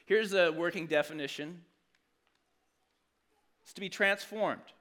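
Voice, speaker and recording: Bright-voiced male pastor preaching. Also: sits high, a little slow. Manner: conversational, earnest, with frequent restarts and dynamic swings. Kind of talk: sermon.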